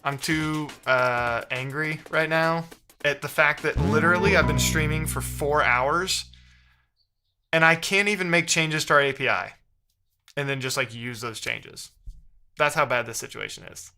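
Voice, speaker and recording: A man's voice: fairly high pitch, a little slow, pushed and bright, faint music behind. A man live-streaming while he codes, talking casually and reading the chat aloud in a frustrated, muttering way.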